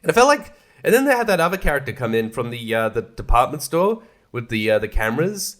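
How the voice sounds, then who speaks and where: A man's voice: medium pitch, big pitch swings, quick pace, a bit bright. A man hosting a casual film review podcast, rambling and sarcastic, swearing freely and laughing often. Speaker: podcast host reviewing films.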